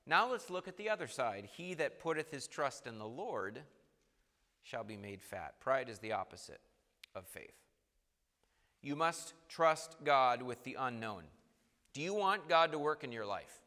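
A man preaching a sermon, moving between quiet asides and emphatic bursts and acting out the voices of the people in his text. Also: mid-range voice, lively intonation, moderate pace. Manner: acts out quoted voices, swings between soft and emphatic. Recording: long hall reverb.

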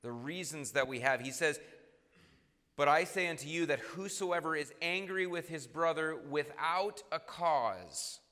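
Preacher in a reverberant hall. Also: male voice, on the high side, lively intonation, unhurried. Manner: earnest, acts out quoted voices with sudden loud jumps. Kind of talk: sermon. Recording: long reverb in a large hall.

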